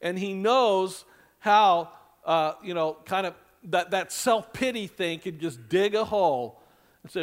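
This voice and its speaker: A male pastor preaching a sermon in a conversational style, with lively asides and acted-out quotes. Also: high voice, normal speed.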